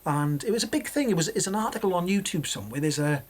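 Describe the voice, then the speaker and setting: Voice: mid-range voice, animated, fast talker. A vlogger in their sixties from Wales, chatting in a meandering, casual way and often restarting sentences. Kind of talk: casual rambling commentary.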